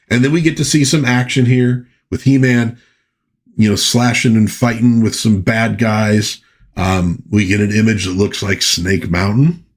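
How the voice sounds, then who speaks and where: A slightly husky-voiced man hosts a podcast, rambling through casual pop culture chat. His pitch rises and falls a lot, and he keeps drifting into folksy asides.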